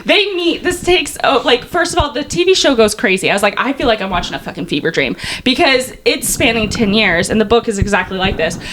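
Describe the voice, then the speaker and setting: A young woman co-hosting a podcast, rambling excitedly with lots of fillers and laughs. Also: a little high, brisk, few pauses, slight background noise, poor audio. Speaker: podcast co-host. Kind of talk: casual chat.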